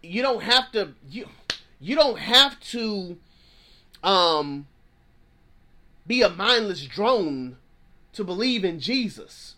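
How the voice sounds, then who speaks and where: Male pastor, thirties, fervent preacher, bright tenor voice, repeats himself for emphasis. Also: high voice, sing-song, takes it slowly, long pauses. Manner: fervent, repeats phrases, plain-spoken slang. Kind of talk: preaching sermon.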